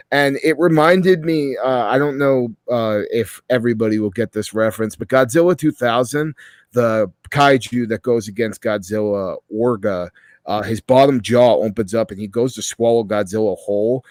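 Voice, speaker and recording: A man's voice: mid-range voice, normal speed, darkish tone, no room sound. A man co-hosting a podcast, giving a profane, enthusiastic movie review in casual chat. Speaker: podcast co-host.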